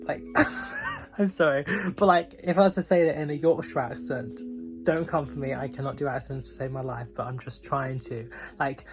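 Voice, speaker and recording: A man's voice: a little high, normal speed, faint music behind. A man giving a casual book update, laughing often and filling his talk with "like". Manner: giggly, laughs often, many "like" fillers. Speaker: book vlogger.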